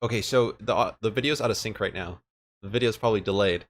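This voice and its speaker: A man in his twenties, voice fairly low and pace quick, casually answers viewer chat on his livestream as he works on a game server. He's at home with an air conditioner running, using two desk microphones he switches between.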